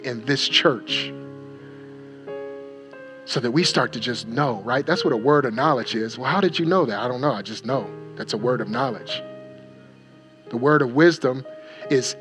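A man's voice: medium pitch, a bit bright. A male pastor preaching a sermon, emphatic and repeating his phrases for effect. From Wisconsin.

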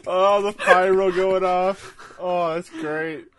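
A man's voice: high-pitched, steady tone, slow, fairly bright tone, a little hiss or hum. A man co-hosting a casual movie watch-along, laid-back and dropping short remarks. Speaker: movie commentary co-host. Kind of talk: casual chat.

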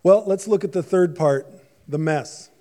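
A male pastor preaching a sermon in a casual, conversational way. He slips in jokes and asides to his listeners. His voice sits a little higher than usual for a man. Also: measured pace, mellow.

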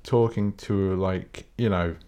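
British bloke, fairly low voice, solo podcast host who rants bluntly and swears freely. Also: male voice, steady tone, slow pace, mellow, clear, resonant tone. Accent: British English. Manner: blunt, sweary, rambling, with many restarts. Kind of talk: casual solo podcast rant.

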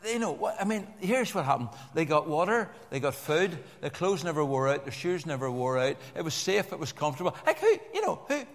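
An older man preaching a sermon to a congregation in an animated way, repeating words and joking with the listeners. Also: fairly high pitch, brisk, few pauses. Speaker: pastor. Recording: long church-hall reverb.

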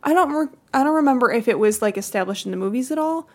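A woman with a fairly high voice talks casually about a movie and its comic books. She speaks with fillers and pauses and drops joking asides. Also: expressive. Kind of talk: casual film discussion.

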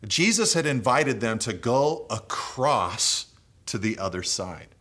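This man preaches earnestly and slowly in a voice of ordinary pitch, very animated throughout. Important phrases rise and grow louder before each sentence drops to a hushed, low close, as he shifts steadily from reading into explanation.

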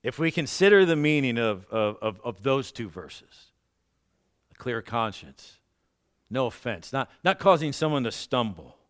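A man preaching a sermon as pastor, slowing down and swelling loud on key points, with self-mocking asides and light laughs. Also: mid-range voice, sing-song. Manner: slows down for emphasis and rises loudly on key points.

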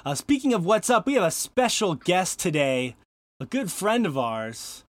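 A man's voice: high voice, very animated, normal speed, no echo, clean studio sound. A man hosting a casual podcast chat, joking and laughing often as he introduces his co-hosts. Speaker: podcast host.

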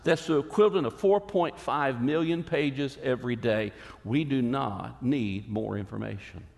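A man preaching a sermon as a pastor, earnest and emphatic, with dramatic pauses. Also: mid-range voice, gravelly, darkish tone, long reverb tail.

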